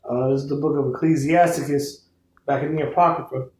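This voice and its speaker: Man reading verses, slightly high pitch, plain delivery, roomy sound. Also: fairly even intonation, fairly quick, a little mellow, slight background noise. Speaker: scripture reader. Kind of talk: reading scripture aloud.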